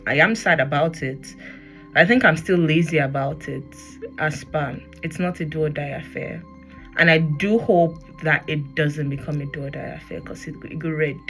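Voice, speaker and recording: A woman with a Nigerian accent talks her way through a casual podcast rant, her voice bright and forceful though sitting a little low. She drifts into pidgin and gets animated as she goes, with faint music behind her. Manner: animated, switches into pidgin, laughs often. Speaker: podcast host. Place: Germany.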